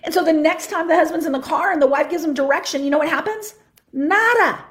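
Animated woman teaching on a podcast. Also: high-pitched, fast talker. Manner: animated, repeats words while thinking. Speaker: podcast host and ministry teacher. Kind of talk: spoken teaching monologue.

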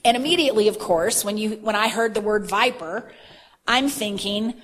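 A woman telling about a religious vision in a chatty, animated way with lots of fillers. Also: mid-range voice, moderate pace. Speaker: Christian vision sharer. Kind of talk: casual testimony talk. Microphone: phone, handheld.

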